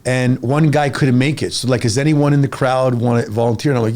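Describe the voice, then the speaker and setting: With a mid-range voice, this forties-aged fitness coach speaks on an informal podcast. He sounds energetic and emphatic, talking in fast bursts and doubling up on words.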